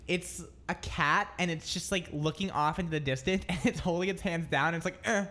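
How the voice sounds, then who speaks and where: A man's voice: high-pitched, moderate pace, pushed and bright. A man co-hosting a radio show in casual banter, rambling and hesitant with many ums.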